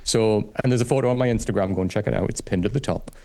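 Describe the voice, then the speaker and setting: A man, a guest on a chat show, telling an excitable, gushing story in casual conversation and swearing freely. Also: on the low side, very fast, gravelly. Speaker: guest, music reaction video creator.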